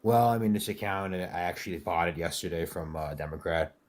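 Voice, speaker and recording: A man's voice: deep voice, fairly quick. A man calling into a live debate, trolling and hesitant, starting lines with stock fillers. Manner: hesitant, leans on "well, I mean" fillers. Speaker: caller.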